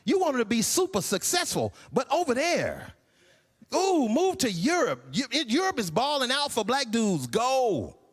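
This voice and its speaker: A man in his sixties performing a stand-up comedy routine, incredulous and animated. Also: very high voice, normal speed, big-room sound. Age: 60s. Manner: animated, incredulous, acts out voices. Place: church hall stage.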